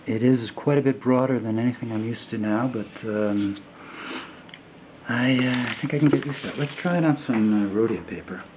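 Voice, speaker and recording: A man in his fifties casually reviewing a fountain pen, talking in a halting, rambling way with lots of fillers and trailing off as he writes. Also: medium pitch, highs cut off, a little hiss or hum. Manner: rambling, halting, many fillers, drifts to a mutter while writing. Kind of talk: casual unboxing and writing test.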